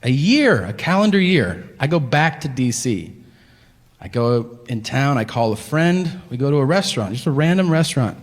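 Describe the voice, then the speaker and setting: Very animated and speaking at a moderate pace, a medium-pitched male comedian delivers a stand-up story that's exasperated and full of profanity. The recording has an echoey venue sound with faint ambience.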